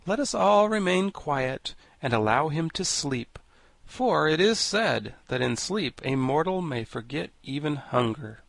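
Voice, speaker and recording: A man's voice: on the high side, vocal fry, a bit bright, dry recording, voice pushed up, full character voice. A man reading an audiobook and voicing a kindly, reflective straw-stuffed scarecrow king who talks in a soothing way.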